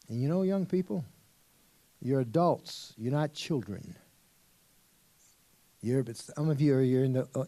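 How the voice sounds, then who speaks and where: A priest giving a storytelling sermon to teenagers, asking them questions along the way. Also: male voice, mid-range voice, expressive, a little slow, long pauses, dark tone, no echo. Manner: storytelling, asks the audience questions.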